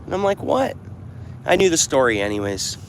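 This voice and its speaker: A man's voice: mid-range voice, very animated, fast, a little hiss or hum. A man livestreaming from a pond while fishing, chatting casually and answering his live chat. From Canada. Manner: chatty, talks back to live chat comments. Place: outdoors by a pond near traffic.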